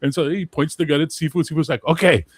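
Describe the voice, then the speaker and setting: A man's voice: fairly high pitch, fast, no room sound. Profane man telling rowdy stories, dry sound. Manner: profane, animated anecdotes with acted-out quotes. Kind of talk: casual chat, storytelling.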